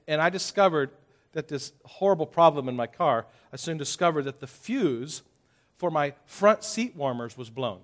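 A man preaching a sermon with a lively, playful delivery. He has his listeners repeat phrases back and jokes with exaggerated complaints. His voice sits slightly high for a man. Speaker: pastor.

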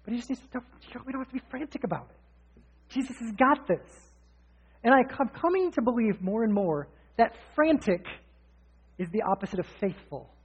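Energetic preacher man, tinny sound. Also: very high-pitched, moderate pace, slightly rough. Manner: energetic, conversational, candid. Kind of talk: sermon.

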